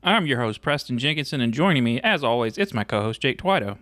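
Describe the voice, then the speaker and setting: Male podcast host, mid-pitch, brisk intro, dry close mic. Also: expressive, fairly bright tone, no room sound. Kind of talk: casual chat.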